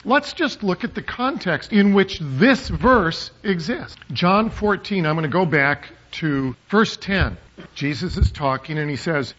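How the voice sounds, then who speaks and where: A man preaching a sermon as a pastor, animated, acting out quoted voices for humor. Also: a little high, measured pace. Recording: muffled lo-fi sound.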